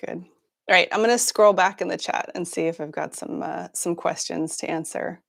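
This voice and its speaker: A woman's voice: on the low side, moderate pace, gravelly, a bit bright. Chatty woman hosting a livestream. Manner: chatty, laughs often, many fillers and restarts. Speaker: news show host. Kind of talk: casual livestream chat.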